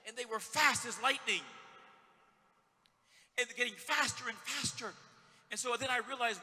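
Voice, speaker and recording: Middle-aged priest preaching, kinda high voice, goes from yelling to almost whispering, echoey church sound. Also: male voice, measured pace, pauses often. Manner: swings from shouting to hushed, storytelling. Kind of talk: sermon. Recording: long hall reverb.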